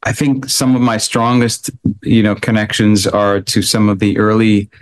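A low-voiced man speaks in a gentle, halting way as an interview guest. He pauses often, restarting his phrases with fillers. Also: flat delivery. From American. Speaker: actor guest. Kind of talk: interview answers.

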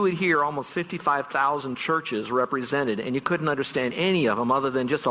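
A man's voice: mid-range voice, fairly quick, bright, forceful tone, big-room sound. A man preaching a farewell sermon as pastor, earnest and emphatic, stretching out key words for stress. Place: church sanctuary.

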